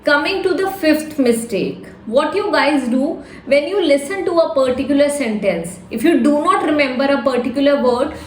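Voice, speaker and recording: A woman's voice: high voice, a little hiss or hum. A woman with an Indian English accent, teaching exam tips in a direct, emphatic way that repeats key points. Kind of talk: instructional talk to camera. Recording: echoey room, faint ambience.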